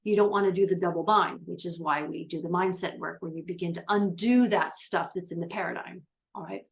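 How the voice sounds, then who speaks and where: A woman's voice: fairly low pitch, a little fast, vocal fry. Upbeat rambling woman life coach. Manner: upbeat, rambling with fillers and restarts. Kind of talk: casual motivational talk to camera.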